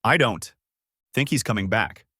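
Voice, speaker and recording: A man's voice: lowish voice, animated, unhurried, sharp tone, breathy edge, no echo, clean studio sound, heavily acted. A man voicing an impatient, bossy young woman adventurer in a fan-made story reading. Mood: snippy. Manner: snappy and sarcastic.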